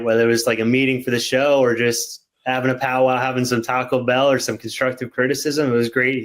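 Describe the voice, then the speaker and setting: A man with a mid-range voice talks in an easy, reflective tone. He muses on the past without hurrying. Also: medium pitch. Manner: relaxed, reflective, frequent short agreements. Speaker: podcast host. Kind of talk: casual reminiscing chat.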